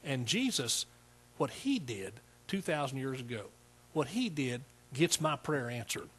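Husky-voiced man preaching a sermon. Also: medium pitch, sing-song, a little slow, a bit bright. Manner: conversational preaching, repeats words, asks the congregation questions. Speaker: pastor.

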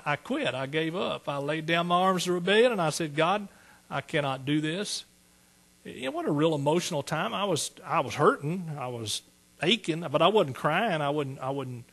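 An older man with a husky voice preaching a sermon, telling his conversion story with earnest halting pauses and then building to fervent calls of hallelujah. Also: on the high side, expressive, a bit bright. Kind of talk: sermon with personal testimony.

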